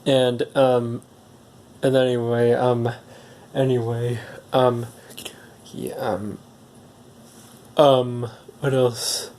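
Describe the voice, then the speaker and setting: A man's voice: medium pitch, level tone, extremely slow, long pauses, a little mellow. Rambling man recapping a movie. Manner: rambling, hesitant, many ums and restarts. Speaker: movie reviewer. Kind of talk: casual film recap.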